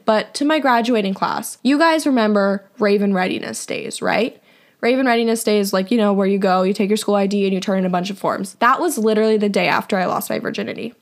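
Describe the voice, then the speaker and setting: A young woman hosting a podcast and telling a personal story in a casual, animated way, full of "like" fillers. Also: mid-range voice. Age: young adult. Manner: chatty, heavy on "like" fillers; animated, acts out quoted voices. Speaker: podcast host.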